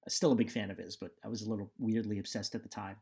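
A man's voice: fairly low pitch, flat delivery, very fast, vocal fry, darkish tone. This is a man who hosts a quiz show and co-hosts a casual podcast. His humor is dry and wry. He often makes fun of himself. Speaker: quizmaster and podcast co-host. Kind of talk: casual chat.

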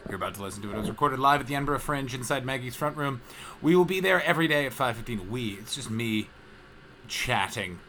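A man introduces his podcast episode casually, with quick chatty asides. His voice is bright and crisp. Faint background noise sits under him. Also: medium pitch, lively intonation. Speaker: podcast host.

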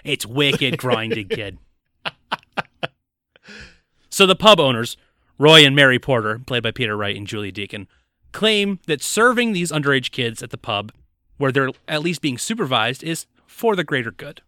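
Male podcast co-host, bright lively delivery, dry close sound, recapping plot casually. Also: mid-range voice, moderate pace, no echo. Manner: recaps the plot, jokey banter. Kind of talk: casual movie recap chat.

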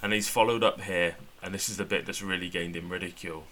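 A man's voice: sits low, fairly even intonation, fast, pushed and bright. A man co-hosting a podcast in casual chat, sardonic and often laughing. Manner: sardonic, laughs while talking. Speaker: podcast co-host.

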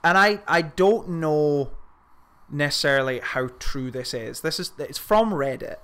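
A man's voice: a little high, expressive, a little slow, a bit bright, clear, resonant tone. A man co-hosting a casual film podcast, swearing freely and reading comments aloud with amused relish. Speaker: podcast co-host. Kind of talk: casual film review chat.

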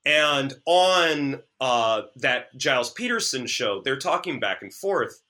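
A man who works as a DJ, chatting as a podcast guest, animated and sarcastic, often stammering as he restarts sentences. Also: mid-range voice, slow. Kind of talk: casual chat.

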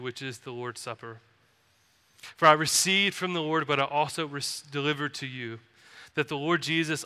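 A man preaching a sermon as pastor, earnest and pleading, often dropping to a soft, gentle tone. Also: a little high, clean tone. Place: church sanctuary. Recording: reverberant church hall.

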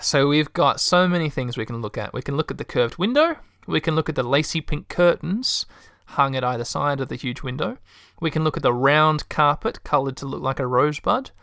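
Dude reading a text game out loud, smooth voice, dry close mic, kinda wry. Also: male voice, fairly high pitch, no room sound. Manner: wry, chatty, swears casually. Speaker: game streamer.

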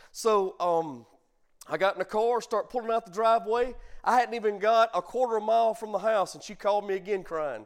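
Pastor, man, middle-aged, high voice, preaching with call-and-response and folksy storytelling. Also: moderate pace. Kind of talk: sermon.

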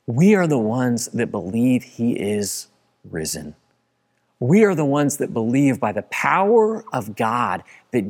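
A man preaching a sermon in a church, building to excited passages and then dropping low and quiet. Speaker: pastor.

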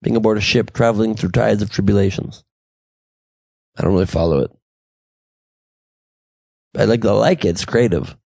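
Guy hosting a podcast, kinda gravelly, dry studio sound, goofing around. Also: on the low side, a little mellow, no room sound. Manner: joking, rambling, quick banter. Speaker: podcast host. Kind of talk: casual podcast chat.

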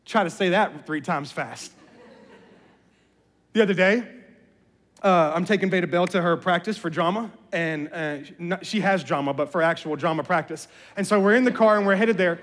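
High-voiced pastor in a reverberant hall. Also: male voice, normal speed. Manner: animated storyteller, jokes and voices family members. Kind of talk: sermon with personal stories.

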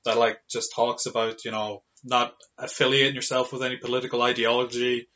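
A man's voice: mid-range voice, level tone, fairly quick, sharp tone. A young man from rural Ireland with an Irish accent, co-hosting a casual podcast chat in a rambling, jokey way that slips into funny voices. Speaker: podcast co-host, comedian. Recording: dull lo-fi recording.

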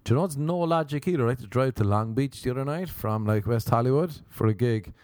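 A young man doing a rambling, profane comedic monologue as a comedian, slipping into quick impressions. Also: mid-range voice, a little mellow, no echo.

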